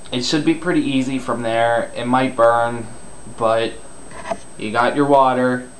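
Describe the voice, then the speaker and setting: A man's voice: mid-range voice, steady tone, measured pace, slight background noise. A man giving a casual spoken tutorial on screaming, loose and rambling, self-deprecating and crude.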